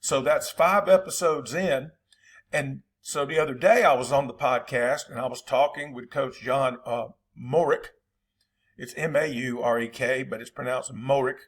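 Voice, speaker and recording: Folksy Southern football coach. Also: male voice, mid-range voice, steady tone, normal speed. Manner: folksy, rambling, chatty. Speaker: football coach and channel host. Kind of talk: casual talk to viewers.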